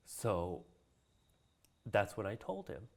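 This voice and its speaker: He speaks slowly in a gravelly voice on the low side, with huge swings in pitch. A cultural practitioner from Hawaii, he's a guest in a casual interview, telling a story, laughing often and voicing the people he quotes.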